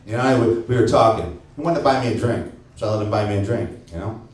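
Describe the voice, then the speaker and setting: A man's voice: lowish voice, fast, a little mellow, distant mic. A man from St. Louis doing a brash, profane stand-up set, teasing people in the crowd. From St. Louis, Missouri. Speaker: stand-up comedian. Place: comedy club stage before a laughing crowd. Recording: echoey club recording, mic heard from afar.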